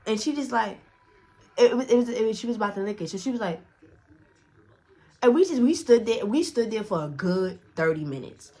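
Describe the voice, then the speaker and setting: A woman's voice: fairly high pitch, lively intonation, brisk, pauses often, mellow. Rambling young woman telling a storytime. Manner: rambling slangy storytelling with many restarts and quoted dialogue. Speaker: storyteller vlogger. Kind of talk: casual storytime.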